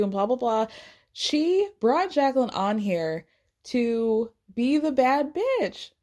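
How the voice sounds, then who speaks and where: Podcast host, female, voice a bit high, sarcastic and animated, salty language. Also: unhurried. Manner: swears casually. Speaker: podcast host recapping a reality show. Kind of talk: casual chat.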